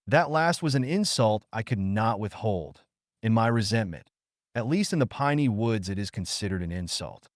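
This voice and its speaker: A man narrating an audiobook in a measured, suspenseful storytelling manner. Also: fairly low pitch, animated, dry recording, studio quality.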